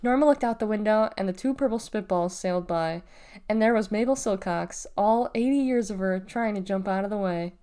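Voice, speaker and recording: A woman reading a children's novel aloud in a lively, expressive storytelling manner. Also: mid-range voice, a little fast, clean tone. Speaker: reader.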